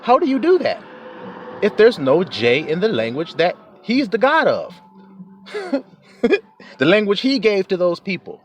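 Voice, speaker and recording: A man's voice: sits high, big pitch swings, a little slow, long pauses, faint music behind. A man preaching in a casual, emphatic way, cursing freely and chuckling often. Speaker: religious teacher. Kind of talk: informal preaching rant.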